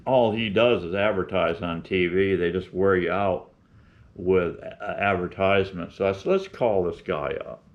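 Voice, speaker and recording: A man's voice: sits low, steady tone, unhurried. A man in his seventies from with a drawl, talking to his beekeeping channel in a folksy, opinionated, rambling way. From Florida. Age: 70s. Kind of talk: rambling casual vlog talk. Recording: dull lo-fi sound.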